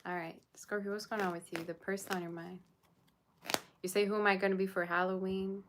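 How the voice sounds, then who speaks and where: A woman's voice: mid-range voice, flat delivery, a little fast, slight background noise. A woman doing a live tarot reading, chatting casually with her viewers. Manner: chatty, talks to viewers and chat. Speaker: tarot reader.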